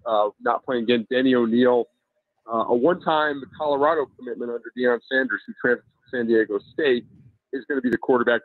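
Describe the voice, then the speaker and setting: A male college football editor calls in to a sports radio show, and he sounds squeezed through a narrow, tinny phone line. He talks in an analytical way, sometimes stammering and restarting, with a dry sound and no room around it. His pitch sits in an ordinary middle range. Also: no echo.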